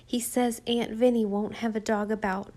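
A woman's voice: fairly high pitch, level tone, moderate pace, warm tone, lightly acted. A woman doing a choked, grieving farm boy. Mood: choked grief. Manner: choked, hoarse, defiant. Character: grieving farm boy, about twelve, stubborn.

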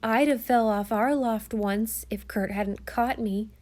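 A woman's voice: a little high, takes it slowly, a little mellow. A woman voicing a sulky, scornful young girl in a storybook reading.

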